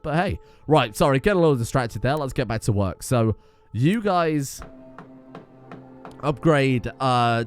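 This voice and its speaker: A man casually commenting on his strategy game as he plays, chatty, swearing freely and often getting sidetracked. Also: medium pitch. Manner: chatty, profane, easily sidetracked. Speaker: gaming streamer.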